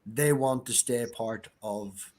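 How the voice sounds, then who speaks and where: A man's voice: medium pitch, slow, darkish tone. A man from Ireland, chatting casually on a stream and explaining things step by step with casual swearing. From Northern Ireland. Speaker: stream guest. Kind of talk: casual chat.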